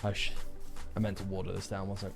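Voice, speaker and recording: A man's voice: sits low, monotone, fast talker, creaky, husky, soft background music. A man chatting casually on a gaming livestream, joking around and answering chat messages aloud. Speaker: streamer.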